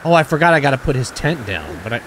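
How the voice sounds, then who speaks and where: Excitable young man playing a game. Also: mid-range voice, quick pace, slight background noise. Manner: excitable, swears, thinks aloud. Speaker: gaming channel host. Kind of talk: let's play commentary. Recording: game music behind.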